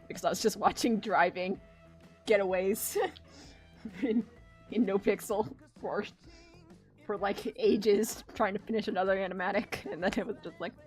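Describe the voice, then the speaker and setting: A woman with a fairly low voice chats casually while she draws on stream, rambling and swearing freely as she tells a story. Faint music plays underneath. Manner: rambling, profane, animated storytelling. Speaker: streaming artist. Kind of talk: casual chat while drawing.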